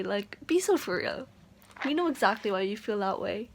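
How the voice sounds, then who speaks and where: A woman's voice: fairly high pitch, a little slow, slight background noise, poor audio. Gushing young woman reading vlogger. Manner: gushing, excitable, filler-heavy chatter. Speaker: book vlogger. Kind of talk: casual reading vlog with read-aloud passages.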